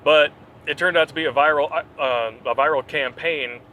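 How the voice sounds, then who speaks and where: A man's voice: a little high, normal speed, sharp tone, a little hiss or hum, poor audio. A man hosting a podcast, chatting casually and jokingly with rambling asides. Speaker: podcast host. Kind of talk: casual comedic banter.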